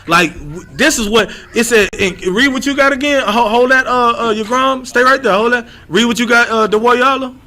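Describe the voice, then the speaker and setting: A man's voice: extremely high pitch, normal speed, few pauses, sharp tone. A man leading an informal Bible lesson, emphatic and repetitive, calling on readers by title. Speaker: scripture teacher.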